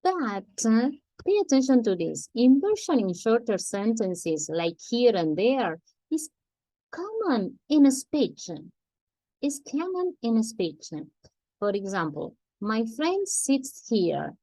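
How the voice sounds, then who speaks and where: Woman, English teacher, unhurried, dry close sound, patient repetition. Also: fairly high pitch, very animated, dark tone, dry recording. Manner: patient, repeats examples slowly, checks with "Yes?". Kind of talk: grammar lesson.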